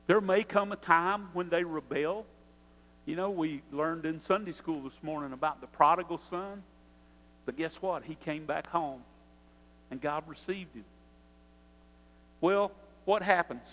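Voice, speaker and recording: Man, pastor, sermon, high voice, earnest conversational tone, questions to the congregation, long hall reverb. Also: a little slow, pauses often, fairly bright tone.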